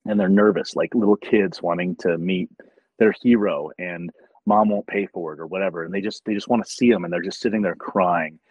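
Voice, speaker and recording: A man with a very low, husky voice chats earnestly on a podcast and acts out little scenes as he tells his stories. The sound is dry and close, with a dull, lo-fi tone. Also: fairly even intonation, a little fast, darkish tone, no echo. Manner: earnest storyteller who acts out conversations. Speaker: convention talent manager. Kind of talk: casual podcast chat.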